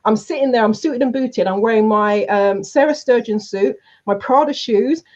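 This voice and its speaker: Lively woman telling a story. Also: on the high side, moderate pace. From South London, England. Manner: lively, acts out quoted voices. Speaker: guest speaker and trainer. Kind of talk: animated storytelling in an interview. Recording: dull lo-fi recording.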